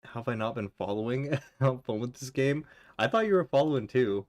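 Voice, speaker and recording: A man's voice: medium pitch, lively intonation, brisk, darkish tone, dry recording. A young man streaming a game, chatting casually with chat and rambling with lots of fillers. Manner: rambling, filler-heavy, reads chat aloud.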